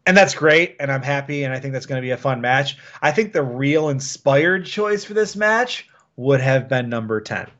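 A man's voice: medium pitch, expressive, normal speed, hardly any pauses, a bit bright. Joking guy co-hosting a wrestling podcast, muffled lo-fi sound. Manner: jokey, riffing, does goofy bits. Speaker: podcast co-host. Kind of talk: casual wrestling podcast chat.

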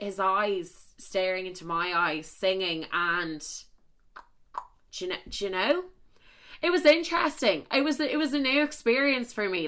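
A woman's voice: medium pitch, pushed and bright. A young Irish woman telling a story in a casual chat to camera, swearing freely and filling her talk with "like". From Ireland. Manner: chatty, swears a lot, full of "like" fillers.

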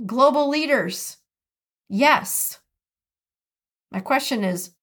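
An earnest woman hosts a solo podcast from home, talking on her own. Her voice sits a little high. She slows down and leans into key words to stress them. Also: animated. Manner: earnest, reflective, speaks with slow emphatic stresses. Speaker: podcast host.

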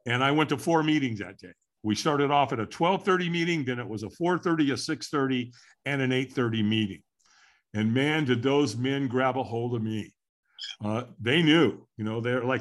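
A man's voice: mid-range voice, normal speed. Earnest older man telling his story. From California. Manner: earnest, candid, voices his past self's thoughts. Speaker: interview guest. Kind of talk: personal storytelling interview.

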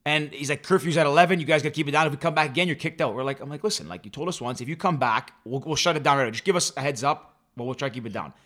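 Young male podcast co-host, quick and bright, animated casual storyteller. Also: on the high side. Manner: animated, laughs while telling stories.

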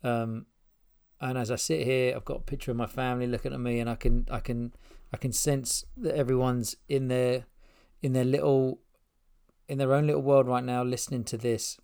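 The speaker, a middle-aged podcast host from Spain and England, talks from his spare room in an unscripted, heartfelt way, often restarting. His mid-range voice is level, mellow, clear and resonant, with vocal fry, at normal speed.

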